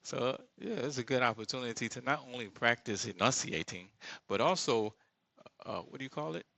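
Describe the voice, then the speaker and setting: A man with rambles through his work in a casual screen-share commentary, often pausing to search for the right word. His voice is gravelly with a bright, forward edge. The sound is dry and close, with no room around it. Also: mid-range voice, no room sound. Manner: thinks aloud, rambling asides, searches for words. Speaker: solo creator building an app.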